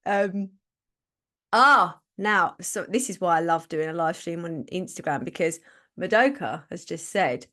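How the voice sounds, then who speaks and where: A woman's voice: fairly low pitch, lively intonation, a little slow, bright, forceful tone. A woman hosting a live stream. She gives casual motivational talk, chatting and laughing as she acts out quotes. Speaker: podcast host and business coach.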